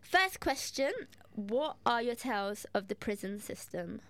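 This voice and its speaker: Smooth-voiced woman radio host. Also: on the high side, animated, fairly bright tone, no echo. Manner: reads scripted intro, measured. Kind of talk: radio show introduction. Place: radio studio.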